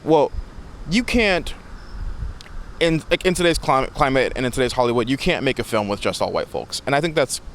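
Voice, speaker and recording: A man of middle pitch talks about a film as a guest, his voice swinging widely up and down. He laughs often and stays expressive, with faint background noise under him. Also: moderate pace. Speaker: podcast guest and co-reviewer. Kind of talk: casual film review chat.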